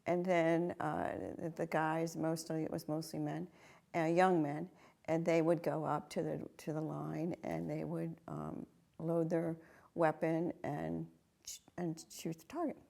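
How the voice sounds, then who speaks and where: A woman's voice: sits low, flat delivery, a little slow, creaky, dark tone. A woman, a Navy veteran, telling a story in an interview and acting out her own reactions.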